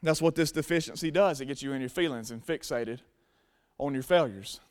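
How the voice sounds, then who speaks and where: A man's voice: medium pitch, fairly quick. A man preaching a sermon to a congregation, emphatic and casual. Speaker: pastor.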